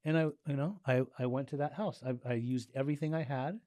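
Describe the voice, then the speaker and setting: A middle-aged man from Southern California, a guest in a casual interview, telling his story with animated delivery and acting out the dialogue. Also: medium pitch, fast talker, no echo. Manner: animated, acts out dialogue, frequent "like" and restarts.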